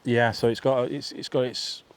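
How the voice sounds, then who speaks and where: A man's voice: medium pitch, steady tone, normal speed, smooth. A man, telling a rambling, chatty story for his vlog outdoors. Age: 50s. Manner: rambling, chatty, full of restarts and asides. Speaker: vlogger. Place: outdoors in a field.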